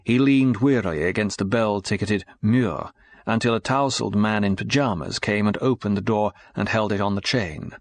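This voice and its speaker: A man giving a measured, scripted audiobook narration. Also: fairly low pitch, dry recording.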